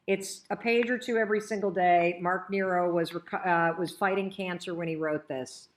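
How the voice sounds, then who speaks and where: A middle-aged woman hosting a motivational training session, talking in an energetic, chatty and emphatic way. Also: lowish voice, normal speed. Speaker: host and coach.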